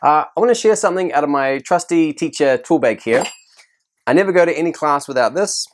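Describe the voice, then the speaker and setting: A man's voice: a little high, animated, brisk, a little hiss or hum. A man, a teacher giving classroom tips to camera in a chatty, self-deprecating way. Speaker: teacher and video host.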